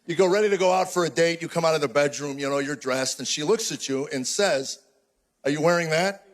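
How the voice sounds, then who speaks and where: A man's voice: on the high side, fast. A man in his sixties doing a stand-up routine on a live stage, telling exasperated stories with punchy mock outrage. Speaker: stand-up comedian.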